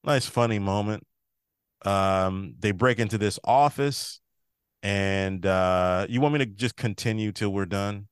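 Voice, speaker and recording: Smooth-voiced man recapping a show. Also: lowish voice, a little slow, dry recording, studio quality. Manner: retells scenes by quoting characters' dialogue; loose, rambling delivery. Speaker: podcast co-host. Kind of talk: casual episode recap.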